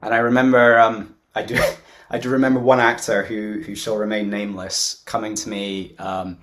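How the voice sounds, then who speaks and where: A man's voice: on the low side, level tone, moderate pace, fairly bright tone, a little hiss or hum. A British man, an actor, chatting on a commentary track, laughing often and restarting his sentences. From Britain. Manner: chatty, laughing, self-interrupting. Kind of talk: casual commentary chat.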